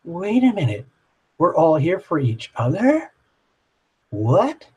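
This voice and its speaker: Guy doing a wide-eyed young woman newbie, all amazed questions, bit higher. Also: wildly swooping pitch, slow, a little mellow, slightly rough, muffled recording, exaggerated voice. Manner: incredulous, questioning.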